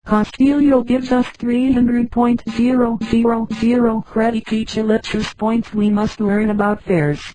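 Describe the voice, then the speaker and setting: A woman's voice: a little high, a little slow, few pauses, slight background noise, natural voice, low-quality recording. Watson, synthetic woman voicing a restless man. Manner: flat synthetic delivery.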